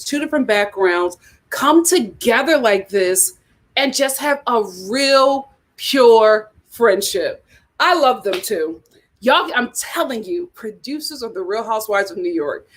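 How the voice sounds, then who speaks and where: A woman hosting a casual, animated chat about reality TV, laughing often. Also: mid-range voice. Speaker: host.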